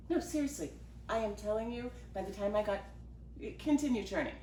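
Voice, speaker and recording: A woman's voice: medium pitch, expressive, brisk. A middle-aged woman, a writer, telling a self-deprecating personal story at home and animatedly acting out what people said. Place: home kitchen. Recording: roomy home recording from a distance, with background noise.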